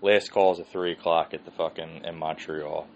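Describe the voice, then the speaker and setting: A podcast host with a very deep voice, fairly even intonation and normal speed tells a rambling story full of swearing, laughing often. The recording is dull and lo-fi with faint hiss.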